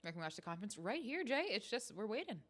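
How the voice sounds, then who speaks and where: A woman's voice: medium pitch, big pitch swings, quick pace, fairly bright tone. A woman hosting a livestream from home, chatting casually with her viewers in a playful, self-mocking way. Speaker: stream host.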